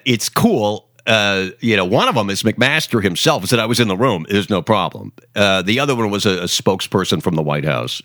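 A man's voice: mid-range voice, a bit bright, dry recording, studio quality. A man hosting a political commentary show, delivering a sarcastic, mocking, rambling monologue with many restarts. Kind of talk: opinionated monologue.

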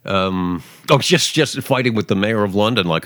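A man's voice: on the low side, lively intonation, moderate pace, fairly bright tone, no room sound, clean studio sound. A man hosting a political commentary show, talking casually and sarcastically, often mocking other people's voices.

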